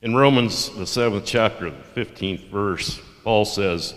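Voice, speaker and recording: An older man speaks at communion in a deep, low voice. His delivery is halting and heartfelt, broken by pauses and fillers. The sound rings with the long echo of a church hall. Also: a bit bright. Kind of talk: sermon. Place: church sanctuary.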